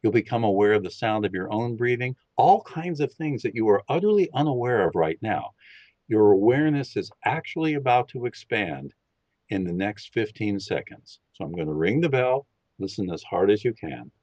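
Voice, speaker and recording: Calm man guiding a meditation, dull sound. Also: fairly low pitch, no room sound. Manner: calm, slow, instructive. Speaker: podcast guest leading a meditation. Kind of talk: guided meditation instruction.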